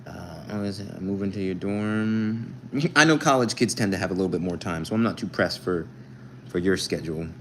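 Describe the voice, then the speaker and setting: A man's voice: sits low, normal speed, a bit bright, a little hiss or hum, poor audio. A young man casually chatting with viewers on a live stream, reading their comments aloud and joking with them. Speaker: livestreamer.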